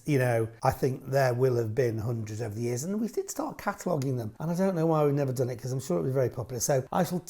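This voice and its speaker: A man's mellow, slightly high voice carries a relaxed to-camera chat answering viewer questions. He's rambling and jokey, often cutting himself off before finishing a sentence.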